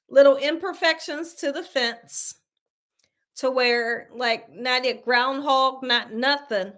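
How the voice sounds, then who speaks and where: A woman telling a story to her viewers on a casual livestream, animated and exclamatory, calling them y'all. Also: sits high. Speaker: cooking channel host.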